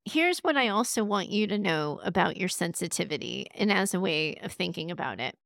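This podcast host gives warm, direct advice straight to her listeners, with the occasional laugh. Her mid-range voice is gravelly with lively intonation, moving at a moderate pace with few pauses, captured in studio quality with no echo.

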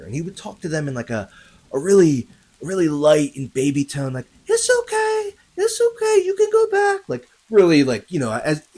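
Male podcast host, husky tone, casual true-story narrator who talks right to his audience. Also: mid-range voice, poor audio. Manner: conversational, addresses listeners, many fillers and tag questions; grows louder and more urgent at tense moments.

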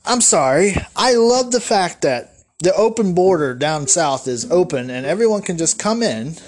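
A man delivering a solo podcast monologue, ranting in a rambling, profane way with lots of restarts. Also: high voice. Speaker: podcast host.

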